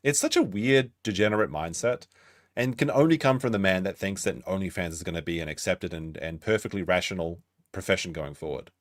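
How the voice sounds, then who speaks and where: A man's voice: low-pitched, brisk, no room sound, studio quality. A man doing reaction commentary on a stream, mocking and sardonic as he picks apart a clip.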